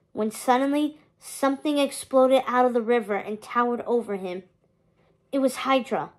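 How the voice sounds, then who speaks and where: A woman teacher reading a chapter book aloud, in steady storytelling narration with small stumbles and restarts. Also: a little high.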